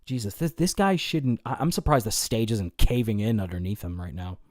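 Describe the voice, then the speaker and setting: A man with a lowish, slightly mellow voice talks a little fast as he hosts a casual livestream. He answers his chat profanely and ramblingly, full of fillers and restarts. The recording is dry and studio quality.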